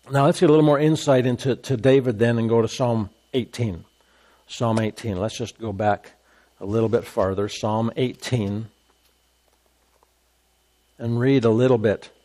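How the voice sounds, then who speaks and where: A man's voice: medium pitch, a little mellow. A male pastor preaching a sermon, repeating phrases for emphasis and reading scripture aloud.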